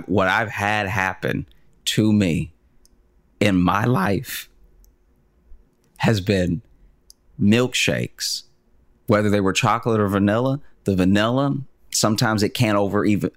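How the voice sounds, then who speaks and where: A man co-hosting a comedy podcast, making his points in a measured, halting way. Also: fairly low pitch. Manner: measured, halting, lots of restarts. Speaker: podcast co-host. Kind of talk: casual comedic debate.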